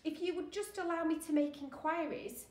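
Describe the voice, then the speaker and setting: Brief: a woman reading as a fawning, purring hotel manager for a children's storybook, voice pitched a touch high. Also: expressive, brisk, a little mellow, echoey room. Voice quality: smarmy, purring. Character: fussy fawning bald male hotel manager.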